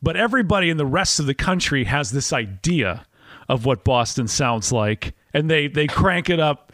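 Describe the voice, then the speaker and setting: A man's voice: on the high side, animated, moderate pace, a bit bright, no room sound, studio quality. A man with a neutral broadcast voice, hosting a casual interview podcast in an upbeat, playful way. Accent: none, neutral broadcast. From Wisconsin. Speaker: podcast host.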